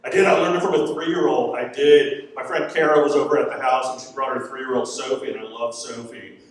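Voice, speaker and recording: On stage for a stand-up comedy set, this forties-aged comic from Florida is chatty and self-deprecating, full of rambling asides. He speaks a little fast in a steady, medium-pitched voice, recorded from a distance with roomy venue sound and audience laughter.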